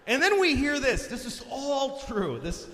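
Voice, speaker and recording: A man doing stand-up comedy, telling a story with animated, profane delivery that breaks into shouts. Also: extremely high pitch, a little slow. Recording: long-reverb theater hall, faint noise.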